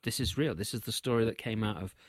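A man from England, chatting in a relaxed way and laughing easily. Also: fairly low pitch, quick pace, dry recording, clean studio sound. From Shropshire, England. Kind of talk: casual conversation.

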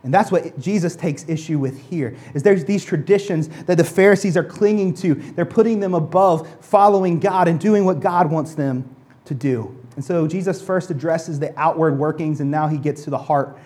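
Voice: medium pitch, moderate pace, a little mellow. A pastor preaching a conversational sermon to a congregation, often restarting and repeating words, and acting out people's excuses in mock voices.

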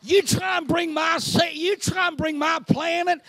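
Loud folksy farmer hero, as a man puts him on, high and gravelly. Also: fairly even intonation, moderate pace, no echo, exaggerated voice. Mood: defiant. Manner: loud, folksy bravado, shouting threats. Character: brash rustic male farmer hero, tough.

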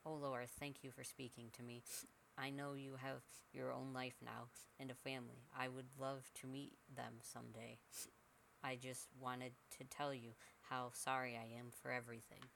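A man's voice: medium pitch, level tone, normal speed, vocal fry, a bit bright, a little hiss or hum, rough recording. A man voicing a distraught middle-aged mother who pleads tearfully, in a narrated horror story. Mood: pleading. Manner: pleading, emotional.

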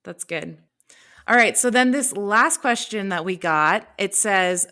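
Woman co-host reading out listener questions, supportive, bright voice. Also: mid-range voice, measured pace. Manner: supportive, chiming in with short agreement. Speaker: podcast co-host.

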